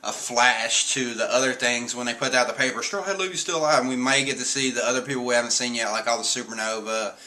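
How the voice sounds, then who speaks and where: Man, bright voice, casual recap, animated, quick character voices, live stream. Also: low-quality recording. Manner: animated, jumps into squeaky voices for quotes. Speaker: host reviewing manga chapters.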